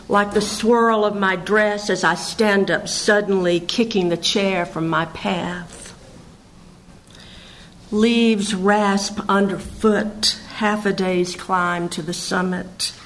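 A woman poet reading her own poems aloud in a measured recitation, with hesitant, chatty asides between the pieces. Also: medium pitch, rough recording. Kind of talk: poetry reading.

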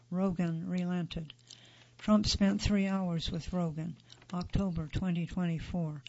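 High, gravelly male article narrator. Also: darkish tone, muffled recording. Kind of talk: scripted narration of a magazine feature.

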